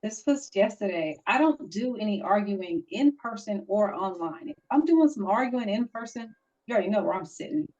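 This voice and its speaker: A woman's voice: mid-range voice, lively intonation, moderate pace, darkish tone. A woman co-hosting a casual podcast, telling a story in a heated, emphatic way. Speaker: podcast co-host. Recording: dull lo-fi audio.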